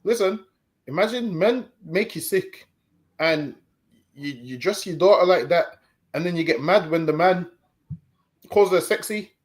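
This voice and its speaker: A man's voice: high voice, animated, a little slow, long pauses. A man hosting a live stream show, chatting casually and often stammering and repeating words. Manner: stammering repetitions, easygoing.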